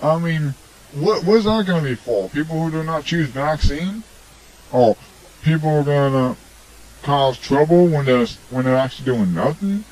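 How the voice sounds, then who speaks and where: A man's voice: a little high, lively intonation, moderate pace, darkish tone, low-quality recording. A man hosting a homemade radio show, rambling through a preachy opinion monologue full of "I mean" and "come on". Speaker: amateur radio show host. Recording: homemade hobby recording.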